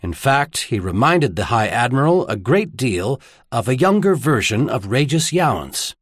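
Expressive male audiobook narrator. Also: mid-range voice, slightly rough, no room sound, studio quality. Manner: expressive, measured storytelling.

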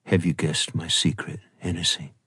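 A man voicing a strange, secretive young man in an audiobook, speaking in a low, stiff, husky voice. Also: flat delivery, unhurried, no echo, clean studio sound, exaggerated voice.

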